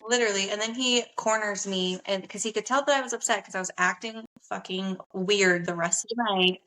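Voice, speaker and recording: A woman's voice: mid-range voice, fairly even intonation, a little fast, fairly bright tone, low-quality recording. A young woman co-hosting a podcast, chatting casually with frequent laughter and poking fun at herself. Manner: laughs often, chatty and self-mocking. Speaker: podcast co-host. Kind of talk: casual chat.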